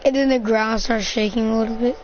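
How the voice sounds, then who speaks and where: A woman's voice: a little high, steady tone, fairly quick. A woman playing her own character in an improvised role-play, describing what she does in the first person. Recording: muffled lo-fi with loud hiss.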